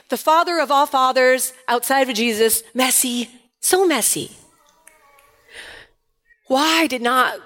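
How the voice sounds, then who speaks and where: A woman preaching a sermon, animated and casual with slangy asides, dropping to soft intimate tones for emphasis. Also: sits high. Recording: long hall reverb.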